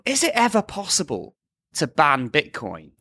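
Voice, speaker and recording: A man's voice: on the high side, huge pitch swings, normal speed, pushed and bright, breathy edge. A man co-hosting a podcast, chatting casually about the news and leading with questions. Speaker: podcast co-host.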